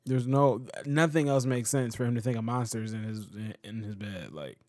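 A man's voice: medium pitch, moderate pace, darkish tone, no echo, studio quality. A man co-hosting a casual podcast chat, a father telling stories, acting out voices and laughing often. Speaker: podcast co-host; father of a toddler.

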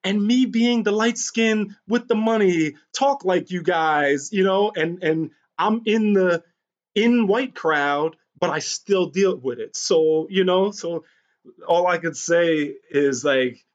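A man's voice: high-pitched, takes it slowly. A man speaking candidly in an interview, telling personal stories in a rambling way with frequent fillers and restarts. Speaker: guest recounting personal experiences. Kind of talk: candid conversational storytelling. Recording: dull lo-fi recording.

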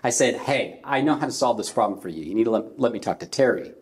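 Animated middle-aged male preacher. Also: mid-range voice, fast. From California. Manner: animated storyteller acting out phone voices. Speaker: pastor. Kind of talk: sermon with storytelling.

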